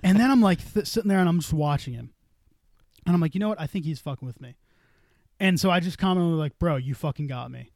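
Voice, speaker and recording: A man's voice: on the high side, quick pace, darkish tone, dry recording. A man telling a long story on a casual podcast, swearing freely and acting out the dialogue. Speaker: podcast co-host.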